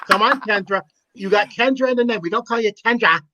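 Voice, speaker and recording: A man's voice: high-pitched, fast, background noise. A man from New England in a casual chat, playful and teasing about accents. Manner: playful, mock-coaching.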